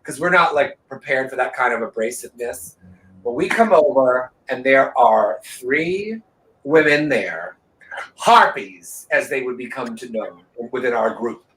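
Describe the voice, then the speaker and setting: A man co-hosting a casual talk show, animated and profane, telling a rambling anecdote and slipping into voices. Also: medium pitch, unhurried, roomy sound, rough recording. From Los Angeles. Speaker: podcast co-host. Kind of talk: casual chat storytelling.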